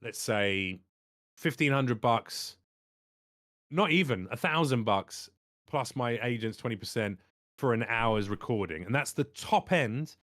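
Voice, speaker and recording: A man working as a voice actor, chatting as a podcast guest and telling stories with animated energy and casual swearing. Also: mid-range voice, unhurried, no echo, studio quality. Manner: animated storyteller, swears freely. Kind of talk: casual chat.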